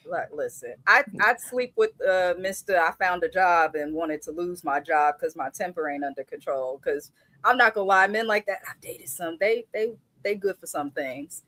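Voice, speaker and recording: A woman's voice: on the low side, normal speed, a bit bright. A woman co-hosting a casual live-stream chat, speaking bluntly and candidly with frequent restarts. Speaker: co-host.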